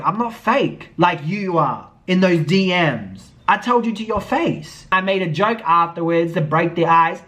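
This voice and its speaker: A man's voice: fairly high pitch, lively intonation, moderate pace, hardly any pauses, a bit bright. A man giving a blunt, indignant commentary vlog, swearing freely as he calls someone out. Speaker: YouTube commentator.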